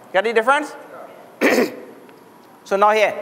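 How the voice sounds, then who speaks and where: In a hall with long reverb and faint background noise, a Sanskrit teacher runs a pronunciation lesson, speaking each letter's sound for his students to repeat back. His pitch is extremely high, and he talks a little fast with long pauses, staying patient and playful throughout.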